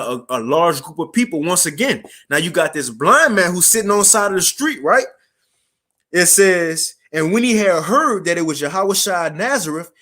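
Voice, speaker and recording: A man preaching a casual street sermon, reading scripture slowly and formally, then explaining it in slang and checking in with his listeners. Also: fairly high pitch, fairly bright tone.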